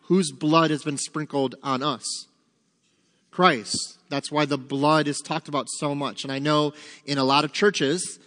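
A man leads an interactive Bible study in a large hall, his voice a little high and fairly bright, his tone steady and his pace measured. He raises questions for the listeners before answering each one himself.

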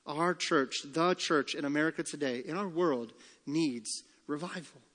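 A pastor preaching a sermon, who slows down and lifts his voice on the key phrases. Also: fairly high pitch, fairly bright tone. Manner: emphatic preaching, slowing and rising on key phrases. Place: church sanctuary. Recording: long church hall reverb.

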